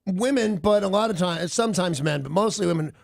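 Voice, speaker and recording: A man's voice: high-pitched, fairly quick, creaky, dry recording. A man from Los Angeles hosting a morning radio show, chatting in a jokey, rambling way at a studio microphone. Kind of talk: casual morning radio chat.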